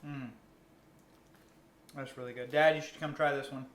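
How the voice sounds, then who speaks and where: A man's voice: medium pitch, little pitch movement, normal speed. A man co-hosting a home cooking video, chatting casually and thinking aloud as he tastes. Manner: easygoing, thinking aloud while tasting. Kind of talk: casual kitchen chat. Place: home kitchen. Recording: echoey kitchen with loud background noise.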